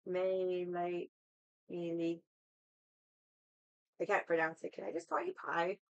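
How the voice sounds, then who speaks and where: A woman hosts a casual livestream, rambling along with her viewers and swearing freely. Her voice is lowish and sing-song, with a slow pace and a clean tone, though the recording sounds muffled.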